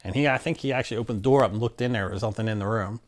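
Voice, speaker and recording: Low-voiced man telling his story. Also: very fast. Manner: candid, plainspoken, acts out quotes. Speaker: interviewee. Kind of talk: personal storytelling in an interview.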